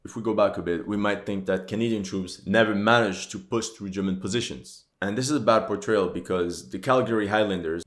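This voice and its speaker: A man hosting a history channel, giving movie reaction commentary with critical, exasperated outbursts. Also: lowish voice. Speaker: history channel host reacting to a war film. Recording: roomy echo.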